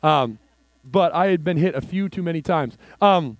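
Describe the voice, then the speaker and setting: A man preaching a sermon, telling a story and swinging from hushed, slow lines to excited outbursts. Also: fairly high pitch, no room sound. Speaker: pastor.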